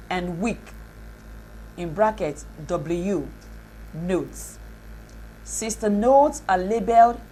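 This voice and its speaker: A woman lecturer reading a course lesson aloud in a deliberate, formal way, leaning on key words. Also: mid-range voice, a little mellow, slight background noise, low-quality recording. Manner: slow, deliberate, formal reading with emphatic stresses.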